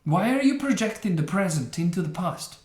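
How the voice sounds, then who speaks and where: Male reaction host, slightly high voice, mocking and opinionated, roomy sound. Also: very animated, fairly quick, a little mellow. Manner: sarcastic, scornful, laughs often. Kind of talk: opinionated game reaction commentary. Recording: roomy echo.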